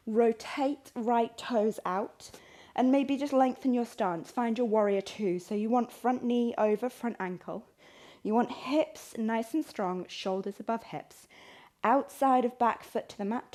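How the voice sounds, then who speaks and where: Here a woman with a warm, medium-pitched voice leads a guided yoga class. She calls out poses, breaths and counts, stays encouraging while counting reps aloud, and now and then runs out of breath.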